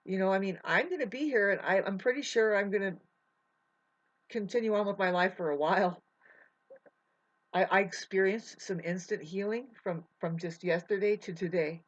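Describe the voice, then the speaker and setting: A woman in a rambling spiritual monologue, emotional and swearing, drifting between soft musing and loud outbursts. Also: mid-range voice, moderate pace. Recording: dull lo-fi audio.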